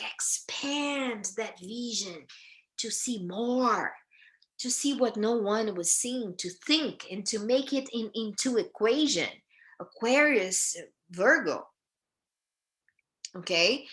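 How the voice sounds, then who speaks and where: A woman leads a live astrology talk for a group. Her voice is bright and forward, and she speaks slowly. She stops often and restarts her sentences, with many fillers along the way. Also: mid-range voice. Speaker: astrology teacher. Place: United States.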